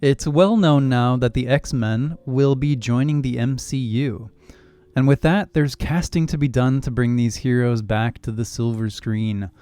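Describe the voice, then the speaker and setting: A young man co-hosting a casual movie podcast, opinionated and quick to laugh. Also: mid-range voice, mellow. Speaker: podcast co-host.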